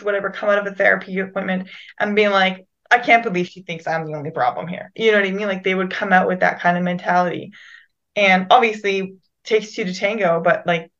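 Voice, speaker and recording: A woman co-hosting a podcast, affirming and supportive, often restarting her sentences. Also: medium pitch. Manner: warm, affirming, hesitant restarts. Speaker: podcast co-host. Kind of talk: casual chat. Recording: slightly dull audio.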